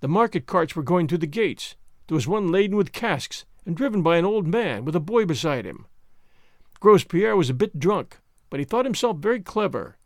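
A man's voice: high-pitched, sing-song, moderate pace, no echo, studio quality. A man voicing a pompous, scornful gate sergeant who boasts while telling a story in an audiobook reading. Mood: boastful. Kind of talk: audiobook character voice.

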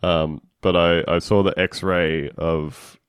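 A low-pitched man chatting on a podcast, wry and deadpan as he tells a story. His voice sounds close and dry, with no room around it. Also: slow, smooth, no room sound. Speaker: podcast co-host. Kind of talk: casual comedic chat.

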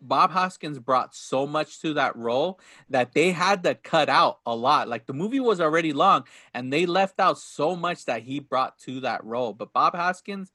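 A man's voice: a little high, lively intonation, moderate pace, hardly any pauses, bright, forceful tone, no room sound, studio quality. A man in his thirties chatting casually about a movie, acting out lines and laughing often. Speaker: podcast co-host. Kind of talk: casual movie review chat.

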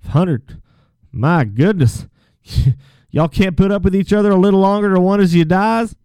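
A man's voice: sits high, unhurried, warm tone, clear, resonant tone, dry recording. A man playing a rambling call-in radio advice host with a put-on Texas drawl, stumbling folksily over his words. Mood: folksy. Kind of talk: comedic call-in radio sketch.

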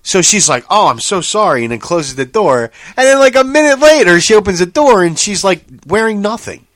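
A man's voice: sits high, a little fast, no echo. A man co-hosting a casual chat, telling stories with lots of swearing, laughter and incredulous outbursts. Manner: animated, profane storytelling with frequent laughter. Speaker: podcast co-host.

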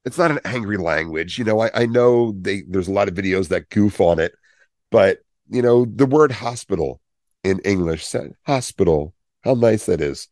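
A man's voice: fairly low pitch, animated, moderate pace, darkish tone, no room sound, clean studio sound. A man in his fifties, co-hosting a podcast, chatting casually and jokily, wandering off on side notes. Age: 50s. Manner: chatty, jokey, tangents. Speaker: podcast co-host. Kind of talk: casual chat.

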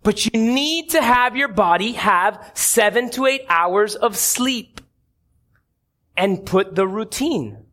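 A man preaching a sermon to a congregation in an animated way, asking the room questions and acting out quoted voices. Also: sits high, slow pace. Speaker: pastor.

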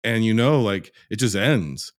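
A man's voice: fairly low pitch, expressive, a little slow. A man in casual film discussion, loose and conversational with some swearing and restarts.

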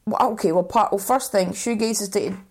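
A woman whose voice has a strong gravelly fry. She co-hosts a loose, casual conversation, dropping in quick interjections and plain-spoken opinions. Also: medium pitch, a little mellow. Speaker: podcast co-host. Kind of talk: casual chat.

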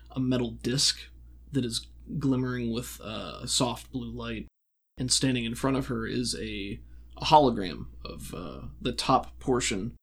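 Man, game master, casual narration, mid-pitched voice, descriptive, filler words. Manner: descriptive, relaxed, many fillers.

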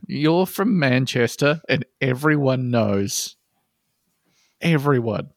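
A man's voice: medium pitch, animated, slow pace, vocal fry, no echo, studio quality. A man co-hosting a comedy podcast, reading a listener post aloud and mocking it with plenty of swearing. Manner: sarcastic, mocking, swears a lot.

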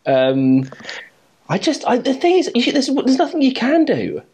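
A man co-hosting a podcast in casual chat, lively and quick with questions. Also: very high-pitched, slight background noise. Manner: lively, chatty, interjecting with questions.

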